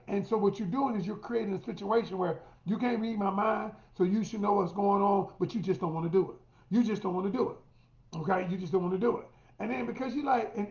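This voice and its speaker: Emphatic middle-aged male relationship coach. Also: high-pitched. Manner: emphatic, addresses listeners as y'all, acts out quotes. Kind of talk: coaching monologue to women. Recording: roomy, dull lo-fi sound.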